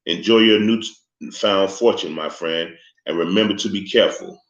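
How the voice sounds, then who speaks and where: A man voicing an older, formal crime boss who speaks with a thick accent in a storybook reading. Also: low voice. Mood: courteous. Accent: thick foreign accent. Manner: formal, polite, unhurried speech. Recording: echoey, slightly muffled room recording.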